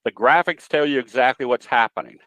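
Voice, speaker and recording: A man's voice: mid-range voice, brisk, fairly bright tone, clear, resonant tone, no echo, poor audio. A man giving a trading webinar presentation in a folksy, storytelling way, with some hesitations. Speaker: guest presenter, trading educator.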